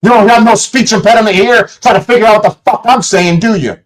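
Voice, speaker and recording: On a livestream, a man shouts an angry, profanity-filled rant at commenters and critics, combative toward his chat. His voice sits high and his pace is quick. It's a rough recording from a streaming setup mic.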